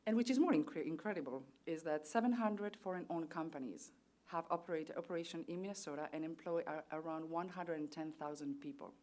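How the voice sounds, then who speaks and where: A woman with a Spanish accent speaks in a notably low voice, delivering formal prepared remarks at a seminar. Her tone is earnest and steady as she works through economic figures one after another. Spanish is her first language. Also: a little fast. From Spain. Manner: formal and earnest, reciting statistics. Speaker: trade official on a panel. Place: seminar venue.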